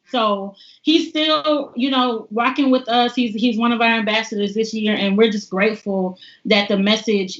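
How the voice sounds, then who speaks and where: A woman, a guest on a livestream interview, telling stories in an animated way and laughing often. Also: medium pitch, muffled recording. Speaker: voting organizer guest. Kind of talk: casual interview storytelling.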